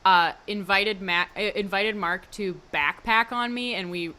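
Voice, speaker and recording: A woman player at a tabletop game who trades wry quips with the table. Her voice is bright and of middling pitch. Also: a little slow. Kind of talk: casual tabletop game play.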